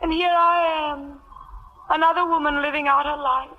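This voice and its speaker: A woman playing a vain, glamorous stage actress in a vintage radio drama, with an affected, breathy delivery. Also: high-pitched, fairly even intonation, moderate pace, phone-quality sound, lightly acted. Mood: dramatic, wistful. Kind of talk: 1940s radio acting. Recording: old radio broadcast with faint hiss.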